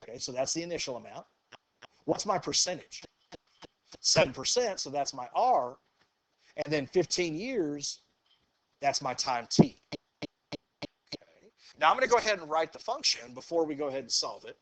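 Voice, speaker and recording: A man teaching a math class, talking the students through a problem in a relaxed way. He says "okay" and "go ahead" again and again and puts questions to the class. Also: a little high, normal speed, long pauses, no room sound. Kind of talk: classroom lecture.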